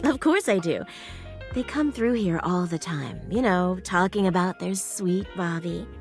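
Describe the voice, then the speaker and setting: A woman's voice: fairly low pitch, lively intonation, measured pace, soft background music. A woman voicing a doting, motherly household bed who talks in a fond, teasing way. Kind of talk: video game voice acting.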